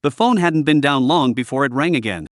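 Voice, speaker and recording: A man narrating a scripted story recap with a lively, expressive reading. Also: mid-range voice, brisk, no echo, studio quality.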